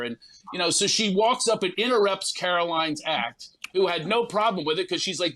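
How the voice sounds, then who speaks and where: A man, a comedian guest, telling a story in an animated way and acting out other people's lines in quick bursts. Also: high-pitched, poor audio.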